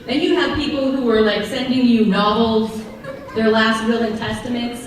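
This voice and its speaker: A woman performing a stand-up routine, sarcastic and animated as she tells stories. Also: fairly high pitch, normal speed, slight background noise. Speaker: stand-up comedian. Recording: echoey venue, mic far off.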